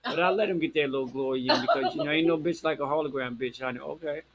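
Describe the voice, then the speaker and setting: A man's voice: on the high side, fast talker, a loud crowd, low-quality recording. A man, hosting a casual live-stream chat in a sassy, flamboyant way, swearing freely and calling everyone girl and honey. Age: 50s. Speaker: host.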